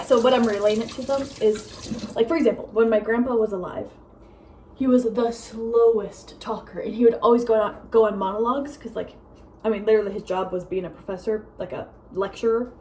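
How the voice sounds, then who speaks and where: Fast-talking young woman rambling at home. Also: fairly high pitch, fairly even intonation, dark tone, slight background noise, poor audio. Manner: fast talker, rambling with many fillers. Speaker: vlogger. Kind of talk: casual rambling vlog. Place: home with a meowing cat.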